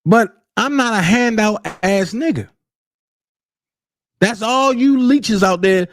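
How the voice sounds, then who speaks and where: A man's voice: high voice, slow pace. A man hosting a livestream, ranting bluntly with heavy profanity. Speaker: livestream commentary host. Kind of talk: unscripted commentary rant.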